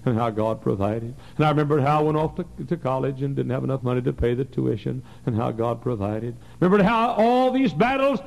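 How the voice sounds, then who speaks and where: A man in his forties preaching a fervent sermon in a church, his voice swinging from soft passages to loud, high bursts. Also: gravelly, low-quality recording. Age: 40s. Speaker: pastor. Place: church sanctuary.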